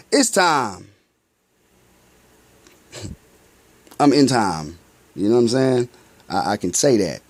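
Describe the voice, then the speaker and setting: A man giving a casual spiritual monologue in loose, slangy talk. He poses rhetorical questions and answers them himself, and drifts between loud bursts and low mutters. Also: no echo. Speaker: spiritual vlogger.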